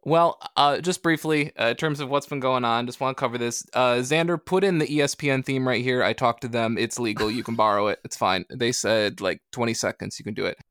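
A man's voice: mid-range voice, brisk, few pauses, a bit bright, clean tone, no echo. A man co-hosting a comics podcast, chatting casually in a joking, rambling way. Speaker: podcast co-host.

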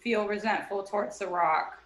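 A woman's voice: medium pitch, moderate pace. A young woman co-hosting a comedic podcast, giggly and offbeat, telling rambling stories. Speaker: podcast co-host. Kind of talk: casual comedic chat.

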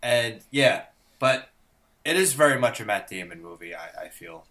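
A man with a bright, forward voice, chatting casually about movies with friends. He tells stories animatedly, laughs easily, and drops into other people's voices as he goes. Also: fairly low pitch, animated, normal speed. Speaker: podcast co-host.

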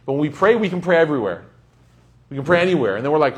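A young man giving a casual, humorous sermon, telling stories with sudden loud bursts. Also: a little high, very animated, very fast. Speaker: Islamic speaker.

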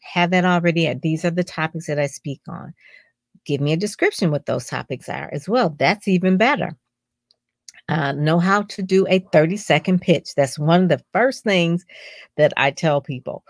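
This clean studio recording, free of echo, features a woman with a low-sitting voice at a moderate pace. Speaking as a publicity strategist in podcast advice talk, she coaches her audience forcefully and leans heavily on rhetorical questions.

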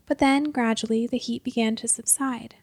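A woman narrating a story in the first person, measured and dropping to a hush at tense moments. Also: on the high side, steady tone, dry recording.

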